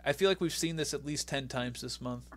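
A man's voice: mid-range voice, a little fast. A young man co-hosting a casual podcast, animatedly recapping a match and laughing as he goes. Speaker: podcast co-host recapping wrestling.

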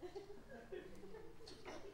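Laughing New storyteller in echoing hall. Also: male voice, very slow, noisy background. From New Zealand. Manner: laughs often and acts out quoted voices. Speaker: guest speaker at an academic gathering. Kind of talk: animated anecdotal storytelling. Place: large meeting house. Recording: echoey hall picked up from a distance.

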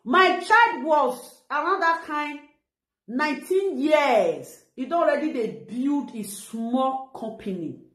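A woman's voice: high voice, expressive, takes it slowly, a bit bright, echoey room. A middle-aged woman with a Nigerian Pidgin English accent, ranting animatedly on a live video and retelling what others said. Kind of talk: casual live-stream talk.

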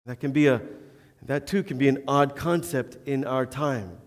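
A man's voice: medium pitch, moderate pace. Earnest pastor guy preaching, bit of self-mocking humor, lots of hall echo. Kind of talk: sermon. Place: church sanctuary. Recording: long church-hall reverb.

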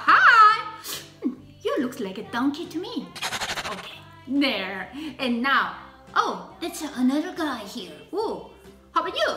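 A woman's voice: high voice, echoey room. A woman leading a preschool art and music circle time, exclaiming and sing-song as she plays with puppets for young children.

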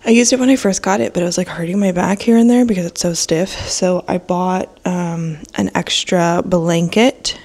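Speaking at normal speed with few pauses, this young woman has a lowish, slightly mellow voice with fairly even intonation. She's yawning and sleepy, her allergies making her a little nasal, as she rambles casually with lots of fillers. The vlog is shot on a handheld camera in her kitchen and office at home.

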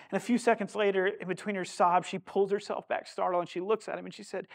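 A man's voice: high-pitched, level tone, fast, gravelly, few pauses. A male pastor preaching a sermon in a church sanctuary, earnest and conversational, often turning to the congregation with asides.

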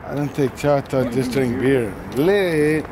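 A man on a comedy tour, talking loud, rowdy and profane in casual road-trip banter. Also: medium pitch, slow. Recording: noisy on-the-road ambience.

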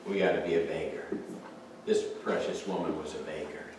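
A male pastor preaches to his congregation, dropping to a hush and then rising to a shout as he fires questions at them. He stands away from the mic, so his voice comes back with a heavy church echo. A faint hum of room noise sits underneath. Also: a bass voice, steady tone, fairly quick. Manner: preaching in waves from hushed to shouting. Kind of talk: sermon. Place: church sanctuary. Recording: echoey church hall from far off.

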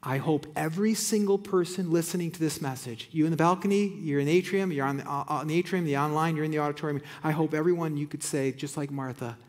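A man's voice: a little high, fast, hardly any pauses. A man pastor preaching a sermon in a church auditorium, reading scripture aloud with rising, emphatic peaks. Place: church auditorium with balcony and online audience.

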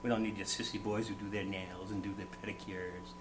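A man's voice: low-pitched, flat delivery, brisk, close to an everyday voice. A man playing a cocky, rude male construction worker on a date in a comedy sketch, talking with boastful swagger, recorded with noise and hum. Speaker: sketch actor. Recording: noisy amateur recording with hum.

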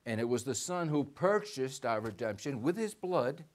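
Speaking at normal speed and medium pitch, a male preacher gives an animated, chatty sermon inside a church sanctuary. Along the way he performs little lines of dialogue and asks his listeners questions.

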